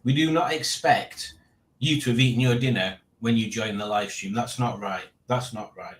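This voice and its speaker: A man's voice: mid-range voice, normal speed, roomy sound. A man hosting a live stream from home, casually chatting and reading out the chat with dry, playful teasing. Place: home room.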